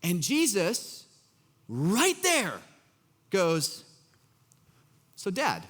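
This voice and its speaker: Man, pastor, casual joking sermon, high voice, swooping delivery. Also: moderate pace, long reverb tail. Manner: animated, acts out Jesus's lines in an exasperated voice; casual and joking, full of fillers. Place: church hall.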